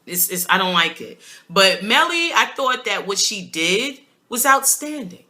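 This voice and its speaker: A woman's voice: medium pitch, unhurried. A woman with a New York accent hosting a casual TV recap, opinionated and slangy. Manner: opinionated, slangy, animated with laughs. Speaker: TV review host.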